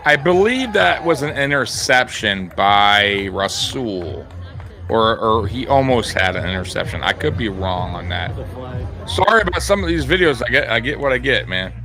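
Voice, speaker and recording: A man hosting a sports video, talking casually over highlight clips in a rambling way with lots of fillers. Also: sing-song, normal speed, pushed and bright, soft background music. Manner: rambling, many fillers and restarts.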